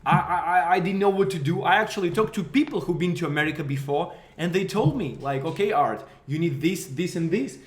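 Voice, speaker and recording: A man's voice: fairly high pitch, expressive, brisk, few pauses. A young man from Russia with a Russian accent, chatting playfully on a livestream in broken English and laughing often. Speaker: livestream co-host. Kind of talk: casual livestream chat.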